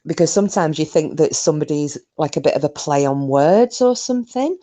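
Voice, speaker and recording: A woman's voice: low voice, lively intonation, brisk, dark tone. Rambling, chatty woman host. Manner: rambling and chatty, full of fillers, greets viewers by name. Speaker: livestream host. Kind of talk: casual chat on a live stream.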